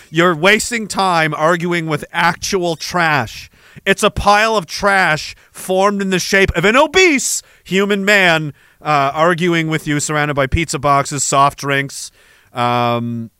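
A man's voice: fairly high pitch, a little slow, pushed and bright, clear, resonant tone, dry recording, clean studio sound. A man from Canada rambling through a sarcastic, profane comedic rant, laughing between his thoughts. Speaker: vlogger.

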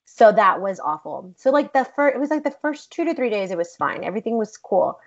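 A woman tells a story as an interview guest in a blunt, profane, animated way. Her speech is casual and energetic with a middling pitch. The recording is dull and lo-fi. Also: brisk.

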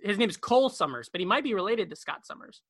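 Man, podcast co-host, rambling joker, bright tone. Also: sits high, sing-song, gravelly, dry recording. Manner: rambling, jokey, talks fast and repeats words. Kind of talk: casual chat. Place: bedroom at home.

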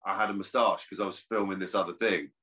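A man's voice: sits low, fairly even intonation, fast talker, sharp tone. A man, an actor chatting as a podcast guest, rambling with restarts. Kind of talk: casual podcast chat.

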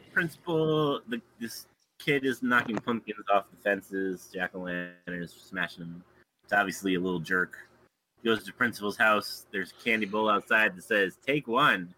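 A man's voice: lowish voice, unhurried, bright, forceful tone, a little hiss or hum, low-quality recording. A man guest on a casual podcast, retelling a film plot and chuckling often as he goes. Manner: chuckles often while recounting scenes.

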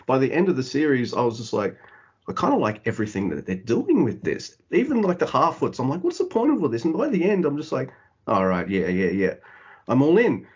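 A man's voice: mid-range voice, big pitch swings, fairly quick, husky, highs cut off. An Australian man co-hosting a podcast in casual chat, animatedly acting out his own past reactions. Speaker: podcast co-host.

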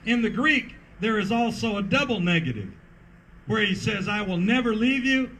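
A man's voice: high-pitched, big pitch swings, moderate pace, a bit bright, a little hiss or hum, rough recording. A man preaching a sermon as pastor at an outdoor parking lot service, emphatic and rhythmic with repeated refrains.

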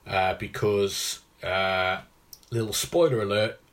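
A man co-hosting a casual podcast, measured and hesitant with fillers, explaining comic book background. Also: lowish voice, fairly even intonation, a bit bright. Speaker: podcast co-host. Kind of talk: casual film and comics chat.

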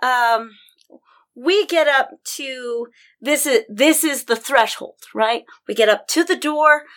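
High-voiced animated woman telling a story. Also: slow. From Denver. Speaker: podcast guest storyteller. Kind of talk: casual storytelling chat.

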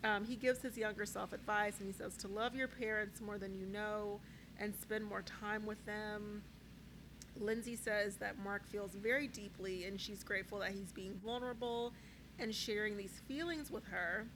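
A woman co-hosts a casual podcast chat, recapping a reality show with frequent laughter and plenty of "like" and "um." Her voice sits at medium pitch with fairly even intonation and a moderate pace, and there is background noise.

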